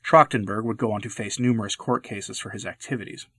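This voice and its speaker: A man delivering scripted commentary narration in a measured, deliberate way. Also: on the low side, fairly even intonation, fairly bright tone, husky, dry recording.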